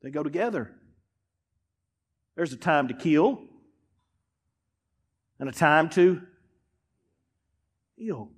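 A man pastor preaching a sermon in a folksy, emphatic way, dropping now and then to quiet asides. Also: on the high side, lively intonation, slow, pauses often, in a large hall. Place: church sanctuary.

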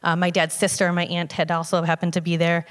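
Lower-voiced woman telling a personal story. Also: completely flat delivery, fairly quick, long reverb tail. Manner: conversational with many fillers and restarts. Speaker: storyteller sharing a personal testimony. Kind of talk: casual spoken personal story.

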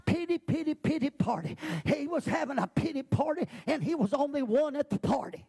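A male preacher delivering a sermon in a shouting, sing-song cadence. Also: extremely high pitch, expressive, brisk.

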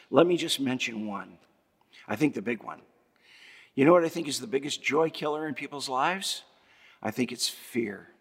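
A man's voice: medium pitch, gravelly, a bit bright, slightly rough. A man preaching a sermon as pastor, building emphasis through repeated phrases and rhetorical questions. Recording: long hall reverb.

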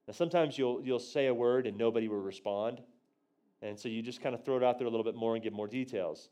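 At a quick pace, a man teaches a church group on prophecy through a storytelling sermon, animatedly acting out what he himself said with large jumps in pitch and volume. He drops quiet for tender moments and jumps loud for punchlines.

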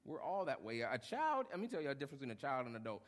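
A young adult male pastor preaching a sermon, lively, acting out short quotes and joking with the congregation. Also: medium pitch, rapid-fire. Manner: animated, acts out short quotes, jokes with congregation. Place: church hall. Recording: long hall reverb.

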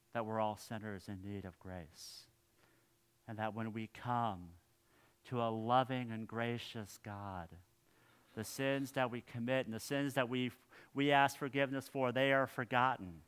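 A male pastor preaching a sermon in a church, earnest, his phrases trailing off softly at the ends. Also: medium pitch, clear, resonant tone.

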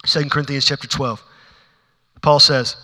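A man preaching a sermon to a congregation in a church, shifting between hushed, intimate asides and rising, emphatic passages. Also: mid-range voice, little pitch movement, normal speed. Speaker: pastor. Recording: long reverb of a large hall.

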